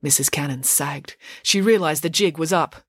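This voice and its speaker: A woman author reading her children's mystery story aloud for a podcast, clear and expressive. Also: low-pitched, moderate pace, dry recording, studio quality. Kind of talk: storybook narration.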